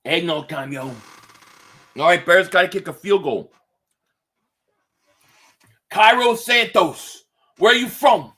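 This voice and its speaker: Male live-stream host, high bright voice, loose excitable play-by-play and chat. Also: slow pace, long pauses. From Philadelphia area. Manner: loose and excitable, swearing, reading chat aloud. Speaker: streamer reacting to a football game. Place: home, indoors.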